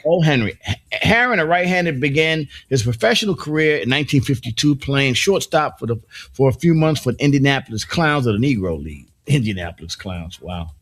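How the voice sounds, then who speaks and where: A man's voice: medium pitch, expressive, brisk, a bit bright, dry recording. A middle-aged man hosting a morning show in casual banter, rambling and joking with many restarts and asides. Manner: playful, joking.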